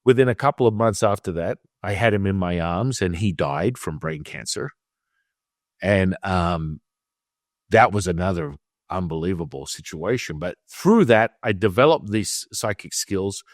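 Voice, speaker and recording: A man guest on an interview show, telling a personal story in a casual, animated way and acting out the people in it. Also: sits low, a little slow, dry recording, clean studio sound. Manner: animated, acts out quoted dialogue. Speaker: guest, Taoist teacher.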